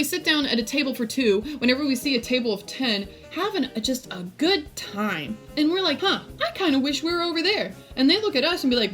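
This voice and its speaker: A young American woman telling a casual storytime vlog, jokey and animated, acting out her friends in quotes. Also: a little high. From United States. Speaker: vlogger.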